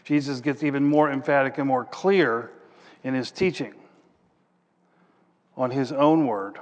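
A man's voice: medium pitch, a little slow, darkish tone, highs cut off. A man preaching a sermon who reads scripture aloud, then explains it plainly and hunts aloud for passages as he thinks. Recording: long reverb of a large hall.

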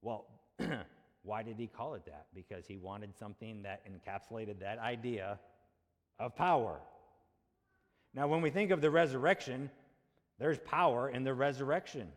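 Heard through long hall reverb, a male pastor with a mid-range voice preaches at normal speed. He keeps things conversational, tossing out rhetorical questions and checking in with the people listening.

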